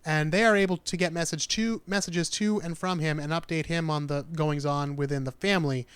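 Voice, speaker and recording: A male podcast host narrates a true-crime story in relaxed, chatty storytelling with dry asides. His voice is smooth and resonant, pitched slightly high. The recording is dry and close. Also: brisk, no echo. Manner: chatty, dry jokes, acts out quoted people.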